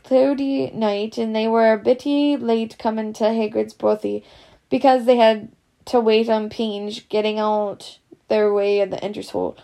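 A woman's voice: a little high, gravelly, dark tone. A woman reading a storybook aloud in a casual, unpolished way. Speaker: reader.

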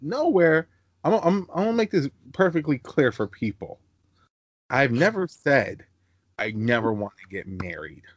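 A young man hosting a casual podcast chat, telling animated stories and slipping into high-pitched voices for the people he quotes. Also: unhurried, no echo, highs cut off. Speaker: podcast host.

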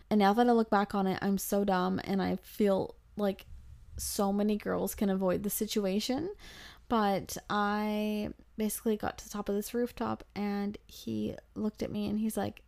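A woman in her twenties who hosts a podcast, telling a travel story in a lively, breathless way and acting out the quotes. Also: mid-range voice, normal speed, vocal fry. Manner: animated, breathless, acts out quotes. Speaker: podcast host. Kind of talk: casual storytelling.

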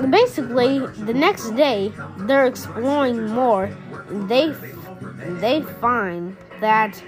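A woman casually retelling a cartoon episode she made up, rambling and correcting herself, with exasperated asides. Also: a little high. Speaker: storyteller. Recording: music playing underneath.

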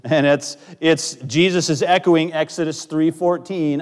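A man preaching a sermon as pastor, swinging between loud emphasis and quiet asides. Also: fairly high pitch, fairly even intonation, a little slow. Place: church sanctuary. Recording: long church hall reverb.

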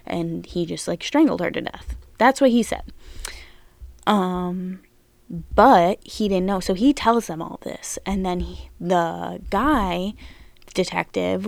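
Young woman podcaster, lower voice, dry close mic, chatty and cursing a lot. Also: vocal fry, dry recording. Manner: chatty, swears often, animated outbursts. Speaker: podcast host. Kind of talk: casual true-crime podcast chat.

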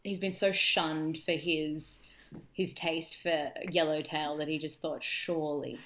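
An Australian woman in her thirties hosting a podcast, telling travel stories in casual chat with deadpan asides. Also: deep voice, takes it slowly, slight background noise. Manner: chatty storyteller with deadpan asides. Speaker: podcast host.

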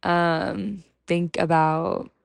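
A woman's voice: lowish voice, fairly even intonation, drawn-out words, creaky, no echo. A young woman hosting a casual faith podcast, chatty and upbeat with many fillers, acting out her own small talk with strangers. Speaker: podcast host. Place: small room, filmed live.

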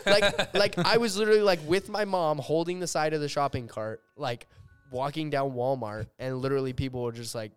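Man telling a childhood story, halting. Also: a little high, clear, resonant tone, soft background music. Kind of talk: casual storytelling.

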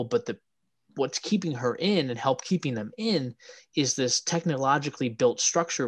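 A man co-hosting a casual recap chat, rambling and repeating words as he works through his ideas. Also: medium pitch. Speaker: podcast co-host.

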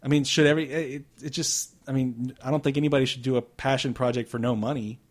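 A man's voice: mid-range voice, steady tone, fast. A man hosting a casual movie review podcast, loose and joking, laughing often. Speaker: podcast host. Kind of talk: casual chat.

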